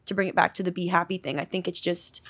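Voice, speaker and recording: A woman songwriter telling stories in a casual podcast interview, acting out quoted voices with animated energy. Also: lowish voice, fast talker, no room sound. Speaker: songwriter guest.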